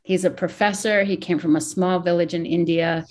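A woman's voice: lowish voice, fairly even intonation, normal speed, a little mellow. A middle-aged woman from Hawaii, an author and academic, giving candid, reflective interview answers with frequent restarts and rising emotion.

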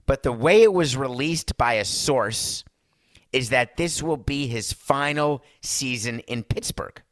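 A man's voice: medium pitch, a little slow, dry recording, studio quality. A man hosting a podcast in casual chat, rambling and sarcastic as he reviews a movie and talks to his listeners as folks. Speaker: podcast host.

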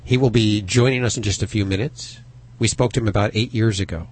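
A man's voice: lowish voice, fairly even intonation, a little fast, breathy edge. A man hosting a radio show, bantering in an upbeat, joking way. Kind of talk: casual studio banter.

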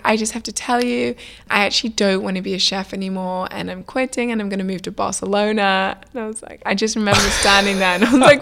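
A young woman, a food business founder, telling stories in a casual interview in a chatty, lively way, acting out what people said. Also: mid-range voice, fast, gravelly. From United Kingdom. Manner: chatty, lively, many "like" fillers, acts out quoted dialogue.

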